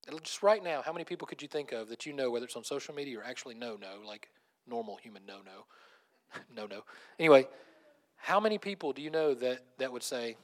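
A man preaching a conversational sermon as pastor, animated, laughing often and restarting phrases. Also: mid-range voice, quick pace.

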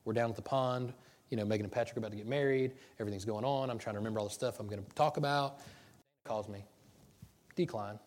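A man, a pastor telling a personal story from the pulpit in an animated, self-deprecating way. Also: lowish voice, quick pace. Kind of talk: sermon storytelling.

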